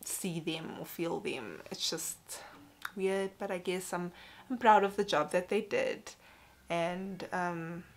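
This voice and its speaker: Young female vlogger, slightly low pitch, candid and chatty, casual to-camera talk. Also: slow pace. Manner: chatty, candid, frequent "like" and "you know". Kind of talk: casual personal vlog.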